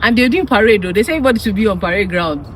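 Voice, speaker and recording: A woman's voice: mid-range voice, lively intonation, very fast, distant mic, a little hiss or hum. A young woman telling a playful, giggly story about sneaking away at camp. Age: young adult. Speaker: platoon executive, interviewee. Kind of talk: casual storytelling.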